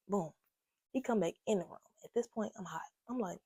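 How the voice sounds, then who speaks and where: Young woman vlogger, husky and gravelly, lively slangy storytelling, dry close mic. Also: medium pitch, quick pace, dry recording. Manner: animated, slangy, talks straight to viewers. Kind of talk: casual storytime. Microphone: own microphone.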